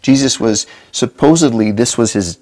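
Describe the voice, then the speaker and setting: A man's voice: medium pitch, normal speed, dark tone. A middle-aged man, a podcast guest, earnestly telling his own story and acting out what he and others said. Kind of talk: personal story in a podcast interview.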